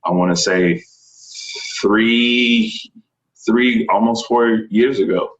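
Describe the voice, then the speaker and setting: A young man from Texas telling stories in a casual interview, animated and enthusiastic, acting out what other people said. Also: fairly low pitch, slow, reverberant, lo-fi sound. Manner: animated, enthusiastic, frequent laughs and quoted voices. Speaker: stunt performer, interview guest.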